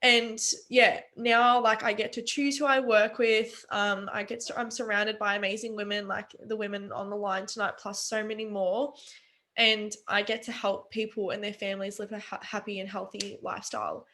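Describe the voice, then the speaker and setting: A woman's voice: mid-range voice, little pitch movement, moderate pace, bright, forceful tone. A young woman, telling her personal story earnestly and emotionally on a video call. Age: young adult. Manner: earnest, emotional, many fillers. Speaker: webinar guest.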